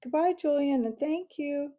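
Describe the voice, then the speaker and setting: Woman doing a brave lil mouse boy, high and eager, kinda breathless, husky edge. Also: measured pace, warm tone, highs cut off, heavily acted. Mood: shouting. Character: brave young male mouse warrior.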